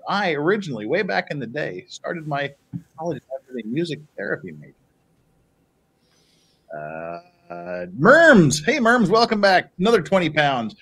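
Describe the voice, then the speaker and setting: A man's voice: fairly high pitch, wildly swooping pitch, moderate pace, sharp tone, slightly rough. A man hosting a casual live stream, reading viewer messages aloud and teasing his co-hosts with frequent chuckles. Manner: jokey, teasing, chuckles often.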